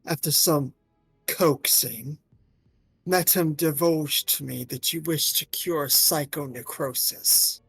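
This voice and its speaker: A man voicing a scheming villainous male president, speaking very deep, slow and menacing, with faint music behind. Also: fairly bright tone, breathy edge, no room sound, heavily acted.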